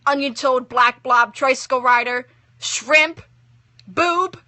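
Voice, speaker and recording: A young woman voicing a bold, chatty little girl in a high, squeaky, blurting voice. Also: lively intonation, normal speed, pushed and bright, no echo. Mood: taunting.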